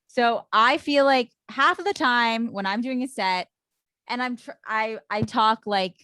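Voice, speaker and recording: A woman's voice: a little high, unhurried, sharp tone, no room sound. A woman comedian hosting a podcast, thinking aloud in a hesitant way with frequent restarts. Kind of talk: casual chat.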